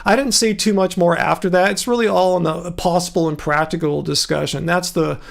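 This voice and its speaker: A man with a high voice and a gravelly rasp hosts a casual live stream. He rambles and gets indignant as he answers chat, and his voice is starting to go. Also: fairly even intonation, brisk.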